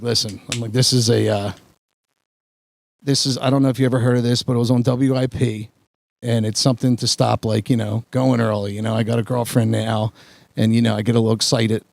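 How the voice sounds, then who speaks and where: A man's voice: medium pitch, fairly even intonation, brisk, creaky, no room sound. A man, a podcast host telling a long embarrassing story in a rambling, self-mocking way full of filler words. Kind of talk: casual storytelling chat.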